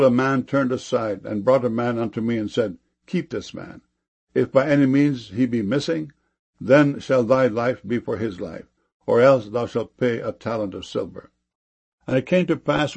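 A man giving a solemn scripture reading, raising his pitch and volume dramatically for quoted speech. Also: creaky, darkish tone, breathy edge. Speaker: scripture reader.

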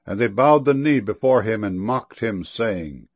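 A man giving a solemn scripture reading, with measured, deliberate phrasing and slow, emphatic stresses. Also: on the low side, lively intonation.

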